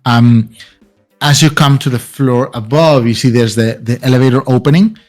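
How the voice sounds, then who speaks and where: A man's voice: medium pitch, moderate pace, a little mellow. A man describes scenes as game master, stopping and restarting often. Faint music plays under his voice. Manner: hesitant, many fillers and restarts. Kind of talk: narrating a tabletop game.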